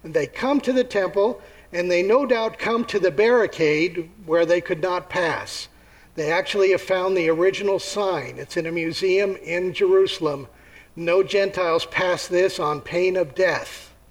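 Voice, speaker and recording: A man preaching a sermon, telling the story with lively acted-out voices and asking his listeners questions. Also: high-pitched, a little slow, rough recording. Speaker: pastor.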